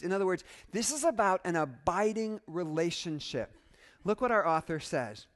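A man preaching a sermon, swinging between quiet, measured stretches and loud, animated bursts. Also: high-pitched. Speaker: pastor.

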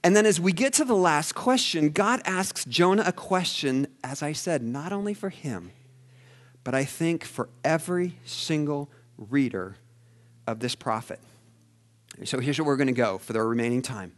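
A man preaching a sermon as a pastor, swinging between loud emphasis and hushed asides. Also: a little high, expressive, normal speed.

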